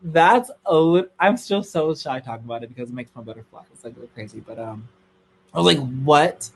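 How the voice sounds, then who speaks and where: A young man telling a dramatic, gossipy story to a live audience in a casual streaming chat, his voice jumping to squealing highs when excited. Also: brisk, creaky, husky.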